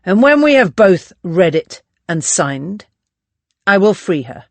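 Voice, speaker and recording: Reader voicing a cold commanding pimp, clipped, dry studio sound. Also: male voice, high-pitched, big pitch swings, takes it slowly, no room sound, full character voice. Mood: curt. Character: hard domineering brothel master, man.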